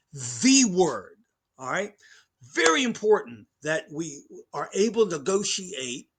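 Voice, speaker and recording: A man's voice: fairly high pitch, breathy edge. A man lecturing on grammar as a professor, emphatic, often repeating words and restarting his sentences. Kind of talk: recorded lecture.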